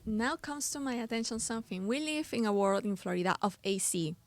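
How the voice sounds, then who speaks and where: A woman's voice: fairly high pitch, lively intonation, a little fast. A woman interviewing a guest in a podcast studio, asking curious questions and laughing along. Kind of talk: casual interview. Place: podcast studio in a hobby shop.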